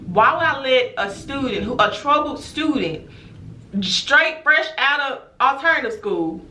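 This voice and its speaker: A woman, a former teacher, telling a storytime vlog in an animated, emphatic way, speaking straight to her viewers. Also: sits high, a little slow, reverberant, a little hiss or hum. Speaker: teacher and vlogger.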